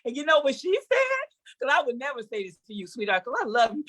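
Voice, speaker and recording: A woman's voice: high voice, huge pitch swings, brisk, fairly bright tone. An older woman performing a sassy, conversational stand-up comedy set on stage before a live audience, teasing the crowd.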